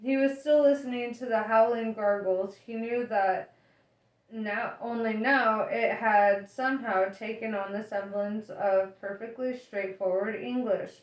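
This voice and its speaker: A woman reading a novel aloud as an audiobook reader, lively and expressive. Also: on the high side, unhurried. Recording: echoey room.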